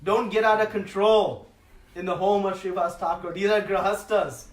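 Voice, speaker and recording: A man's voice: high voice, fairly even intonation, moderate pace, roomy sound, far from the mic, lightly acted. A man voicing a stern guiding divine master. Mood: warning. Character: Lord Chaitanya, a stern guiding male divinity.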